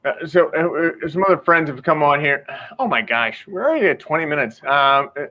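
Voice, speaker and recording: A man hosting a live video-call interview who speaks haltingly with many fillers and reads out viewer comments. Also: a little high, lively intonation. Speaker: host. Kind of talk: casual live-stream interview. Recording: dull lo-fi sound.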